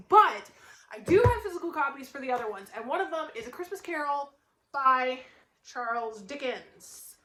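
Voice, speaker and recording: A woman book vlogger chatting casually, rambling into animated stories and laughing often. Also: sits high, echoey room, poor audio. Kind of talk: casual chat.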